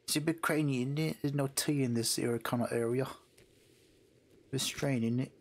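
Brief: hammy mock-posh gent, gravelly underneath, over faint hiss, put on by a gamer. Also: male voice, mid-range voice, steady tone, normal speed, close to an everyday voice.

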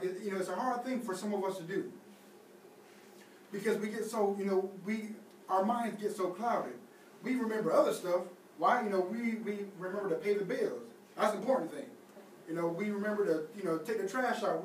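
A young man, a youth leader, preaching a sermon in a casual, conversational way with lots of fillers. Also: high-pitched. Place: church hall. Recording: echoey church hall, taped from far off with noise.

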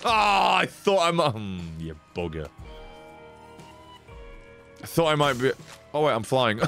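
A young man giving sweary, excitable commentary on his gameplay and chatting with stream viewers. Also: a little high, measured pace, vocal fry, pauses often, soft background music. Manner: sweary, excitable, laughs often.

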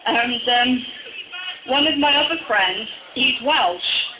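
A man with a slight northern English accent, from Durham, doing a hesitant stand-up comedy set full of ums and deadpan one-liners. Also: very high-pitched, slow pace, slight background noise. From Durham, England. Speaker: stand-up comic. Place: small bar venue, indoors. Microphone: phone recording from the audience. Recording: echoey bar, phone-recorded.

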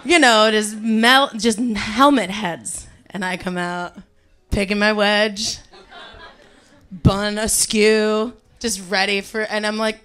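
A woman's voice: mid-range voice, slow, smooth. A woman from Ohio with a Cleveland accent, telling a comic personal story on stage and acting out the quotes. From Ohio, USA. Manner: animated, comic, acts out quotes. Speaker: storyteller guest. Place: club stage before audience.

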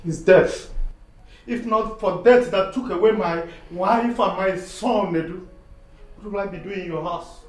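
A man's voice: high-pitched, measured pace, reverberant. A man playing a bitter, sarcastic widowed father in a Nigerian film drama, with a Nigerian accent. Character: bitter widowed father, mocking and self-pitying. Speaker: wife's father.

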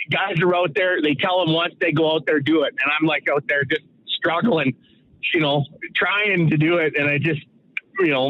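Middle-aged man from Saskatoon, rambling storyteller with a slightly high voice, dry, tinny phone-line sound. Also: no room sound. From Saskatoon, Canada. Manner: rambling, full of fillers and restarts, acts out quoted voices. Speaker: guest, former pro hockey enforcer. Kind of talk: casual storytelling interview.

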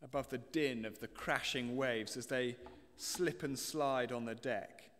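A man's voice: medium pitch, unhurried, a bit bright. A British man preaching a sermon, explaining a passage and reading scripture aloud to the congregation. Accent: British English. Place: church. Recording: long church reverb.

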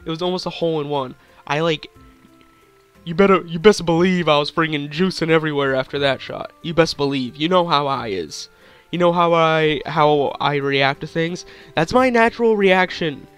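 A man's voice: on the high side, moderate pace, fairly bright tone, clean tone, faint music behind. A young man with a sore throat giving hyper, giggly, crude gameplay commentary, rambling on. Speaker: gaming YouTuber.

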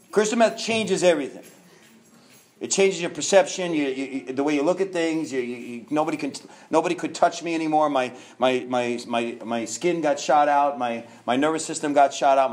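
A man from Miami telling his recovery story at a conference, animated and self-mocking, with many restarts. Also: mid-range voice. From Miami, Florida. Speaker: recovery speaker. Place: conference hall.

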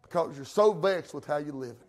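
A man's voice: fairly high pitch, lively intonation, a little fast. A male pastor, preaching a sermon in a folksy way that rises to fervent emphasis.

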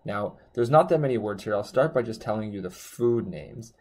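A man teaching a language lesson in a chatty, loose way, correcting himself and slowing down on words while he writes. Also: medium pitch, expressive, darkish tone. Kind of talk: casual explainer lesson. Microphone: desk mic while drawing on a tablet.

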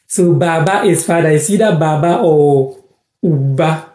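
A man from Ghana teaching words in a casual live-stream lesson, repeating each word slowly and thanking viewers by name. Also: a little high, mellow, reverberant.

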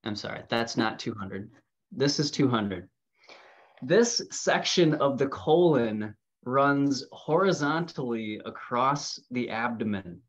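A man's voice: mid-range voice, lively intonation, slow pace. A man co-hosting a casual quiz chat, reading clues in an apologetic, easygoing way. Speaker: co-host. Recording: dull lo-fi sound.

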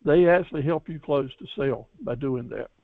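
Delivering a graduation lecture, a business instructor with a somewhat high, creaky voice speaks briskly, encouraging his class in a folksy way while frequently restarting and repeating phrases. It sounds thin and tinny, phone-like, and dry without echo.

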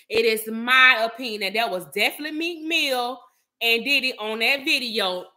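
A woman vlogger in casual gossip chat, animated and chatty, talking straight to her viewers and calling them child, baby and honey. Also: fairly high pitch. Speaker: vlogger host.

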